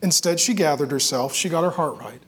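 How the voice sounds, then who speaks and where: A middle-aged male pastor preaching in a relaxed, conversational way, telling family stories and cracking self-deprecating jokes. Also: fairly high pitch, a little fast, breathy edge. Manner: joking, self-deprecating storyteller.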